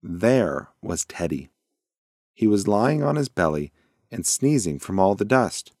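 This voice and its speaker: Lively low-voiced man reading a story. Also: unhurried, no room sound, studio quality. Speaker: narrator.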